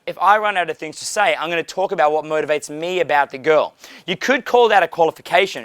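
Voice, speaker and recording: A man's voice: a little high, fairly bright tone, no room sound, clean studio sound. A young man coaching a small group in a casual way, blunt and profane, with frequent fillers. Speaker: dating coach.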